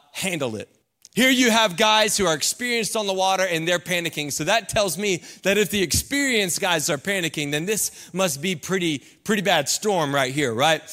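A young man preaching a sermon as campus pastor, conversational and animated, climbing high and loud when he acts out asides.

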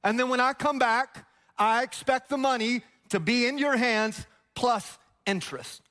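A pastor voicing a proud, pushy ancient tax collector in a sermon retelling, with a smug, demanding manner. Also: male voice, very high voice, measured pace, sharp tone, exaggerated voice.

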